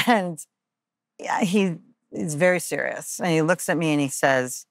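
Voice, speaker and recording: A woman with a notably low speaking voice sits as a podcast guest and tells a personal story in an earnest, candid way. She fills pauses with frequent ums and uhs and slips into the voices of the people she quotes. The recording is close and dry. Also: lively intonation, no room sound.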